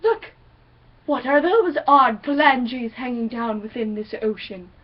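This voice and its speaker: A woman's voice: a little high, lively intonation, a little slow. A woman voicing a dopey, hungry male cartoon shark in a mock-dumb, sing-song way, on a dull lo-fi recording. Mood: lazy.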